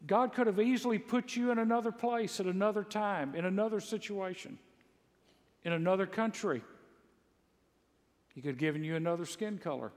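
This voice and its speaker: A pastor from Mississippi preaches in a high voice, spinning folksy, funny stories that swell into loud exclaims. His words ring out with a long reverb, as in a large church sanctuary. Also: normal speed, pauses often. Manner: folksy storytelling with humor, builds to loud exclaims. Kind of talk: sermon. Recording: long echo of a large hall.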